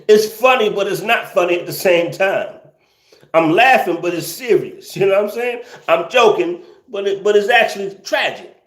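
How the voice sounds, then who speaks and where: A man's voice: high voice, lively intonation, moderate pace, reverberant. A man hosting a casual livestream, reading viewer comments and ranting with incredulous laughter and slang.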